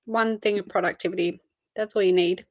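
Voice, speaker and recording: A woman's voice: mid-range voice, steady tone, a little fast, no echo. Chatty tired young woman, dry sound. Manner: chatty, reads out and answers chat messages. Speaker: livestream host. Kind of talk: casual live-stream chat.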